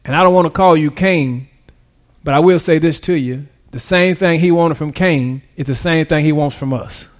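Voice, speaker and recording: High-voiced guy preaching, calls out to the church, goes from quiet to loud. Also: moderate pace. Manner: preaching with call-and-response, swinging from hushed to shouted; casual vernacular grammar. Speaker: pastor. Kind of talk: sermon.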